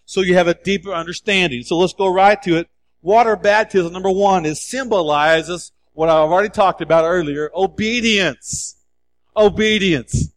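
Male pastor, high voice, lively sermon delivery with emphatic repeats. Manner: animated preaching, acts out scripture dialogue with emphatic repeats.

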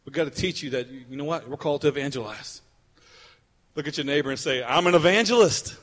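High bright voiced guy preaching, repeats lines, loud then soft, big echoey church. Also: fairly quick. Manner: preaching with repetition, swinging from loud emphatic to soft and low. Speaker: pastor. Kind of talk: sermon. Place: church sanctuary. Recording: long hall reverb.

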